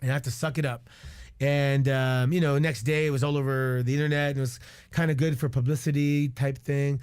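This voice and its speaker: A man's voice: medium pitch, level tone, fairly quick, a little mellow, smooth, dry recording, clean studio sound. A man in his forties from Canada, a retired wrestler, telling a story as a radio guest in a candid, profane way. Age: 40s. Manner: candid and profane, lots of restarts and quoted asides. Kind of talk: animated storytelling on a radio show. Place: radio studio.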